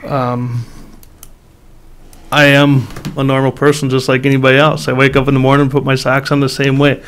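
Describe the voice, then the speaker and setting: A man's voice: medium pitch, completely flat delivery, moderate pace, fairly bright tone, slight background noise. A man running for sheriff, giving a down-to-earth, humble closing statement. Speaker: sheriff candidate. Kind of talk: plain-spoken closing statement. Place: public meeting hall.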